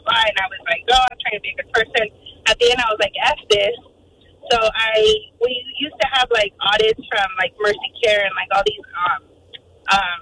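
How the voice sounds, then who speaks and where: Woman caller on a radio show, gravelly bright voice, rattling off her story with lots of likes and ums. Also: fairly high pitch, a little hiss or hum, rough recording. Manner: animated storytelling with lots of fillers and acted-out quotes. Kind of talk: telling a story on a radio call-in.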